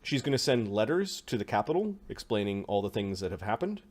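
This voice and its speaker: A man running a tabletop game as game master, explaining the story at a relaxed pace with many pauses and fillers. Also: fairly low pitch.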